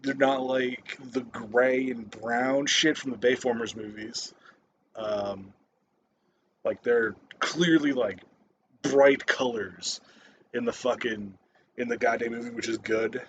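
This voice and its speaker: A man's voice: mid-range voice, steady tone, slow, slight background noise. A man giving a casual, rambling movie review, swearing constantly and stopping often for fillers and restarts.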